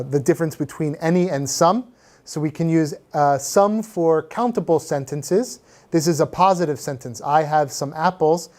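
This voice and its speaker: A man's voice: fairly high pitch, a little mellow. A man reviewing English grammar for a class, patiently explaining rules with many fillers and switching into Korean. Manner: frequent filler sounds. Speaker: English teacher.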